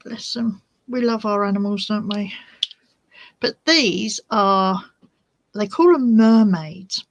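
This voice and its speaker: A woman's voice: medium pitch, slow pace, low-quality recording. A woman hosting a crafting vlog, chatting casually and easily distracted while she shows her resin swatches. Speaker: crafting channel host.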